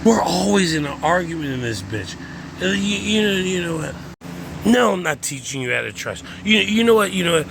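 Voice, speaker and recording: A man's voice: high voice, sing-song, moderate pace, vocal fry, background noise. A man hosting his own show, talking in a rambling stream-of-consciousness monologue, swearing constantly and repeating phrases over and over. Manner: profane, repetitive, chanting phrases over and over. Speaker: host.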